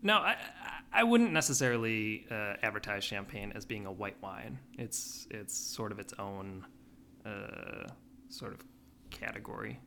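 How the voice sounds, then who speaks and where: A man chatting on a podcast with a low, gravelly voice that has a bright edge. He makes dry, measured remarks. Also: lively intonation, a little hiss or hum. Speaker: podcast co-host. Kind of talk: casual chat.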